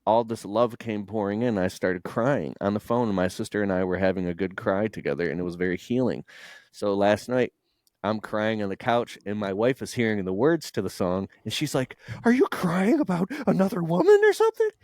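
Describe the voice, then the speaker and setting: A man's voice: fairly low pitch, moderate pace, a little mellow, dry recording, studio quality. A man in his late thirties, a guest entrepreneur, telling candid, emotional personal stories in conversation, swearing freely. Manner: raw, emotional, swears freely, mimics voices.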